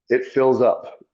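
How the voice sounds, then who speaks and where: A former police officer as a podcast guest, telling his story in a blunt, profane, self-critical way. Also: lo-fi sound. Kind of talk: candid conversational storytelling.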